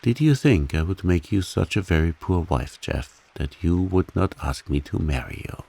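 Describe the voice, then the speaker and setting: A man voicing a proud, heartbroken woman who steadily confesses her long love, in a soft bedtime reading. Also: low voice, moderate pace, gravelly, breathy edge, exaggerated voice. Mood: steady, tender. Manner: steady, dignified, softly spoken.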